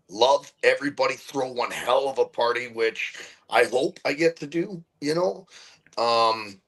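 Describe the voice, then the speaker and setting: A middle-aged man talks candidly in an interview, his voice sitting at an ordinary middle pitch. He speaks earnestly and from the heart, stopping and restarting as he repeats words while searching for the next thought. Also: a bit bright, breathy edge, poor audio. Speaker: interview guest.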